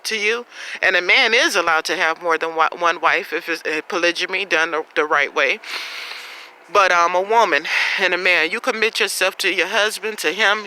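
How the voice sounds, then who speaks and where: A woman's voice: fairly low pitch, bright, forceful tone, a little hiss or hum, rough recording. A woman preaching bluntly to the camera, scolding and repeating herself with many ums. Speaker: religious teacher.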